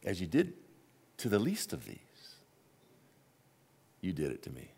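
A male pastor delivering a sermon, his low voice swooping widely in pitch. He tells stories with animated delivery, dropping to hushed asides and rising to loud exclamations. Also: measured pace, vocal fry, slightly rough.

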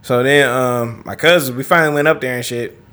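A man with a bright, forceful voice, telling loose stories on a casual podcast. He laughs often and acts out what people said. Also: medium pitch, fairly even intonation, fairly quick, clean tone. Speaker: podcast co-host. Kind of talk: casual chat, storytelling.

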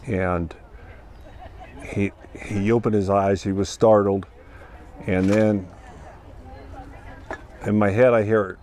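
A man's voice: fairly low pitch, steady tone, slow, pauses often, darkish tone, a little hiss or hum. A man earnestly telling a personal experience, acting out the dialogue as he goes. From Ohio. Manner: earnest, plain-spoken, acts out dialogue. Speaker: festival attendee sharing an experience. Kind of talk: personal storytelling.

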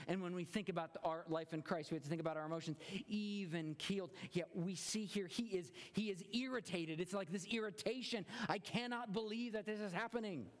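A man's voice: a little high, long reverb tail. A man preaching a sermon as a pastor, earnest and often repeating words as he searches for them.

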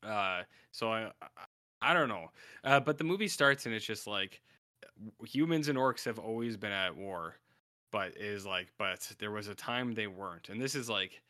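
Man, casual podcast chat, rambling, laid-back, bright tone, somewhat low. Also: no echo, clean studio sound. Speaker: podcast co-host.

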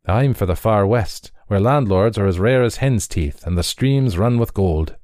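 A man's voice: lowish voice, expressive, moderate pace, darkish tone, no room sound, clean studio sound, pitched above the performer's own voice, close to an everyday voice. A man playing a jovial, teasing traveller from Cork in a read story. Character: jovial, mocking middle-aged man from Cork.

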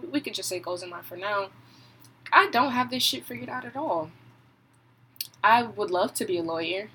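A woman's voice: mid-range voice, fairly bright tone, slightly rough, rough recording. A young woman, a college student, talking openly and rambling through her thoughts about her future in a candid vlog from her room. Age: young adult. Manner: open, rambling, thinking aloud.

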